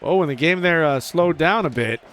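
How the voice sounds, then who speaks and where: A man giving casual play-by-play commentary over a video game wrestling match, excitable, jumping up in pitch on the big moves. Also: moderate pace.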